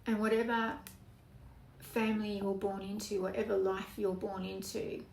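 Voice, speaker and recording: A woman giving a spoken tarot reading in an earnest, emotional way, with slow emphatic phrasing. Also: medium pitch, little pitch movement, vocal fry, a little mellow. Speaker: tarot reader. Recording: echoey room, voice from off-mic, background noise.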